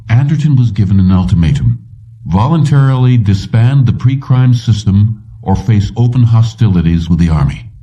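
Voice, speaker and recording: A man narrating an audiobook in a steady, even reading style. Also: fairly low pitch, recorded from a distance, muffled recording. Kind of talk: scripted narration.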